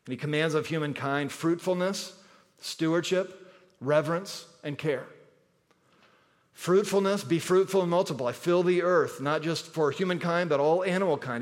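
Brief: male pastor, fairly high voice, emphatic sermon delivery, long hall echo. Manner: emphatic, repeats key words, shifts between loud and soft.

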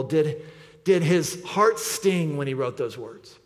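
A man preaching an earnest sermon as pastor, often dropping low and quiet to press a point. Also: expressive, slow. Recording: long hall reverb.

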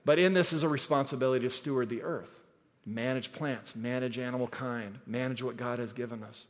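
A man preaching a sermon as pastor, emphatic, repeating key words and moving between loud and soft delivery. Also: mid-range voice, fairly even intonation, brisk. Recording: long hall reverb.

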